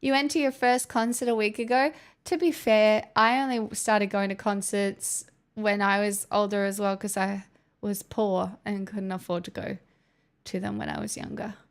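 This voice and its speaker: A woman's voice: mid-range voice, steady tone, moderate pace, smooth. An Australian woman livestreaming, chatting casually and answering viewers' messages with rambling restarts.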